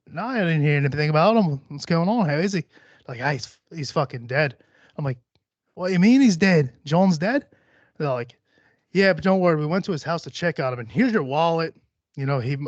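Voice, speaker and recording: A man's voice: fairly high pitch, no echo, muffled recording, close to an everyday voice. A man putting on a mock Australian accent. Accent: put-on Australian. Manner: rambling, profane, comic. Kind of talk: podcast storytelling.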